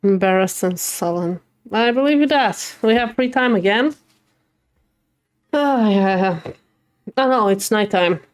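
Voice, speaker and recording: A woman's voice: medium pitch, a little mellow, no room sound. A young adult woman streaming a game live, reading the dialogue aloud and reacting emotionally between lines.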